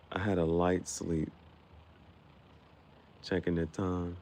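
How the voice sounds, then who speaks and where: A man casually chatting with his live-stream viewers, playful and quick to laugh as he riffs on the spot. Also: sits low, flat delivery, mellow, slight background noise.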